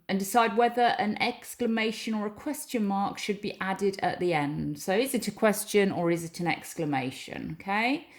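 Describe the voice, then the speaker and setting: A woman teacher giving a recorded lesson, patiently reading example sentences aloud and explaining each one. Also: medium pitch.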